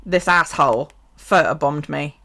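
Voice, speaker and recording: A woman's voice: sits low, unhurried, gravelly, pushed and bright. A woman telling a story on a casual live stream, swearing freely and laughing as she goes. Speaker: bullet journal live streamer.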